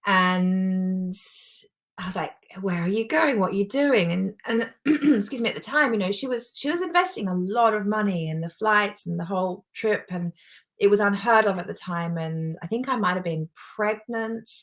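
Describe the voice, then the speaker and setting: A woman's voice: medium pitch, expressive, moderate pace. A woman, a life coach giving a heartfelt, personal motivational talk to a live audience. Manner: heartfelt, emotional, warmly personal.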